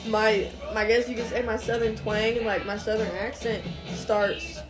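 A young woman, a guest on a casual podcast, chatting in relaxed, joking banter. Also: fairly high pitch, normal speed, loud music behind the voice, low-quality recording. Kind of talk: casual chat.

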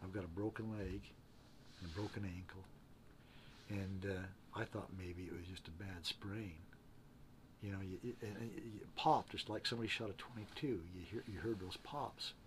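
Earnest low-voiced man telling a story. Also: steady tone, background noise. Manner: halting, often repeats and restarts words. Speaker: interview guest. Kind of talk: casual spoken storytelling.

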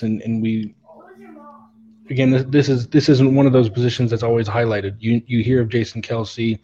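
A man's voice: mid-range voice, dark tone, dull audio. A man co-hosting a sports podcast, breaking down players with many fillers and repeated words. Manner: analytical, hesitant fillers and repeats. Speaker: podcast co-host. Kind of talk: casual sports podcast chat.

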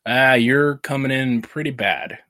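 At a measured pace, a medium-pitched man co-hosting a podcast shares stories in casual chat, laughing frequently and animated despite sounding stuffy from a sinus infection. There's no echo.

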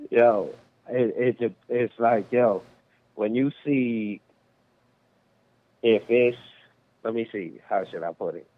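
A man's voice: medium pitch, slow pace, pauses often. A man co-hosting a casual podcast chat, laid-back and hesitant, full of fillers. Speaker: podcast co-host. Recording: tinny phone-like line.

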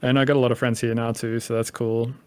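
A man's voice: medium pitch, flat delivery, quick pace, darkish tone, clear, resonant tone. A man in his thirties from Australia with a light Australian accent, a podcast guest talking casually in a rambling way and swearing freely.

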